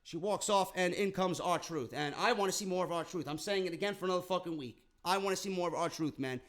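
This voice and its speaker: A man's voice: high-pitched, a little fast, fairly bright tone. A man recapping a wrestling show in a casual, sarcastic rant full of swearing. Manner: profane, sarcastic, rambling.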